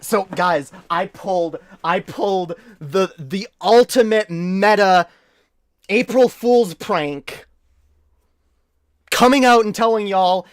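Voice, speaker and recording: A tipsy man hosting a reaction livestream, boastful and excitable, swearing freely. His voice sits fairly high. The sound is dry and close to the mic. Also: takes it slowly, no room sound. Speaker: streamer.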